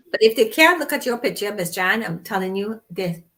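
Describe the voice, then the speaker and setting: A chatty woman host with a Trinidadian accent, animated and full of stories. She laughs easily and keeps the conversation rolling. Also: medium pitch, normal speed. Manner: animated, chatty storyteller who laughs often. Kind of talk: casual chat.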